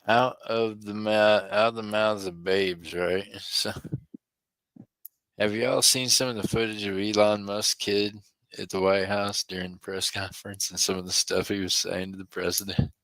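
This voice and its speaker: A man's voice: lowish voice, steady tone, moderate pace, fairly bright tone, no echo. A middle-aged man hosting a live online auction in a folksy, chatty way, chuckling often. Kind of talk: live-stream auction chat.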